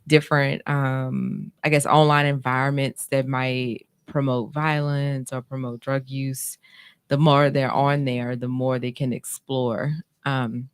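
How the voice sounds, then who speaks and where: A woman's voice: extremely low pitch, smooth, dry recording. A woman counselor on a radio talk show, explaining casually and addressing listeners directly. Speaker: guest counselor.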